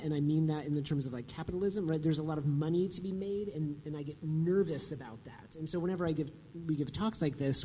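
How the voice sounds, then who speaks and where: A man with a husky, very mellow voice explains his ideas earnestly in a casual interview. He speaks a bit higher than most men. The sound is dull and trails off in a long reverb. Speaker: guest author.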